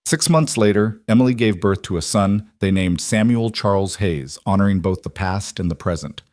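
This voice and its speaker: Low-voiced male storyteller, dry. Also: animated, normal speed, darkish tone, no echo. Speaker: narrator. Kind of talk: scripted story narration.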